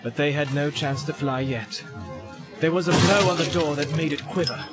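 A man's voice: a little high, normal speed. Man narrating an audiobook over music. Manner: steady, dramatic storytelling. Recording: loud music under the voice.

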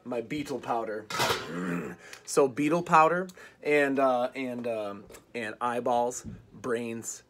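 A man teaching an online music lesson for children, patient and clear, leading rhythm chants and songs. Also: medium pitch, fairly bright tone, slight background noise. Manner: slow, patient, sings and chants rhythm games.

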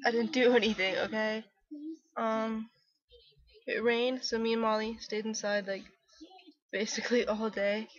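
A young woman rambles sleepily into her camera from her bedroom, full of ums and likes. Her voice sits a bit high. The sound is dull and lo-fi, like a built-in webcam mic. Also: little pitch movement, measured pace, long pauses, no room sound. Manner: sleepy, rambling, many fillers. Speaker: vlogger. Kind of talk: casual vlog chat. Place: bedroom at home.

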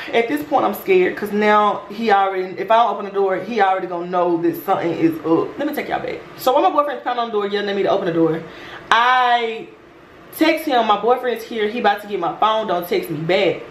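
A woman vlogger telling a story in a brash, profane, animated way. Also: mid-range voice, brisk. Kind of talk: storytime chat. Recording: roomy room with faint noise.

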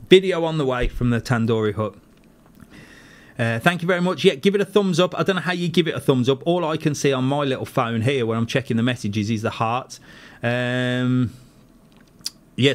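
A man's voice: medium pitch, moderate pace. A man, a travel channel host who chats casually on a live stream from a studio, reads viewers' comments aloud and answers them with self-mocking laughs. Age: 40s.

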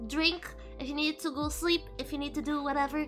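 A young woman streaming casually to her viewers, bubbly and giggly, often breaking into high squeals. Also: fairly even intonation, brisk, a bit bright, faint music behind. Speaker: VTuber streamer.

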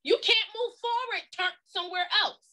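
Woman co-pastor, high-pitched and bright, blunt folksy preacher. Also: normal speed. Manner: emphatic, folksy and blunt, with repeated catchphrases. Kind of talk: preaching-style talk on a livestream.

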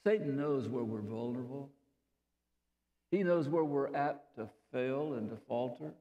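A man with a Southern US accent preaching a sermon as pastor, swinging between loud, fervent build-ups and low, quiet passages. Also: lively intonation, measured pace, lo-fi sound. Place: church sanctuary. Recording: reverberant church hall.

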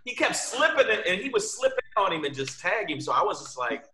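A man's voice: high voice, very animated, a little fast, bright, forceful tone, echoey room. A man, a fighter guest on a podcast, talking emphatically and swearing. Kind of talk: casual chat on a video call.

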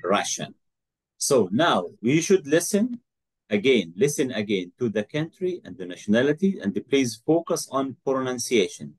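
A male English teacher with a husky, breathy voice runs an online lesson. He talks patiently, prompting his student and repeating each correct answer back to her. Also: medium pitch, big pitch swings, normal speed.

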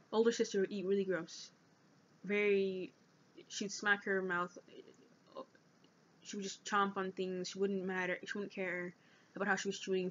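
A young woman of eighteen speaks in a personal confessional vlog, earnest and halting as she works through her notes. Her voice sits at a middle pitch for a woman. The recording is dull and lo-fi. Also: fairly bright tone, a little hiss or hum. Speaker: vlogger.

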